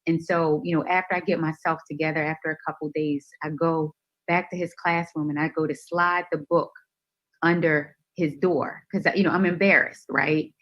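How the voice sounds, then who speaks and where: Female radio guest, lower pitch, animated storyteller, muffled lo-fi recording. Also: normal speed. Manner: lively, expressive, laughs easily. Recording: dull lo-fi sound.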